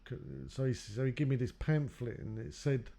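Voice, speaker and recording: A man's voice: medium pitch, normal speed, mellow. A man telling his own life story in a loose, rambling way, acting out what others said to him. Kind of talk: personal storytelling.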